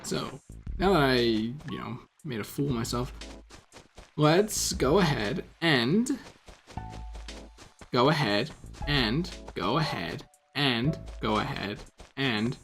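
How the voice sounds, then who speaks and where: Over video game music, a man with a medium-pitched, fairly bright voice narrates his let's play. His commentary is casual and rambling, with tripped-up words and offhand swearing.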